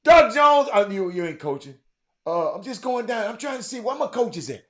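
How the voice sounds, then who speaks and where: A man rants as a show host, his voice pitched high and bright. He swings widely up and down as he gets exasperated. At times he breaks into hollering. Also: sing-song, moderate pace. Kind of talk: ranting monologue.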